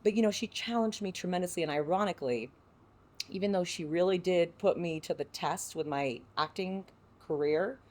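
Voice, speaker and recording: An actress from San Diego speaking as a podcast guest, reflective and heartfelt, with many filler words. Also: female voice, fairly low pitch, normal speed, darkish tone. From San Diego, United States. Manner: reflective, heartfelt, full of "you know" fillers. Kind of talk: podcast interview.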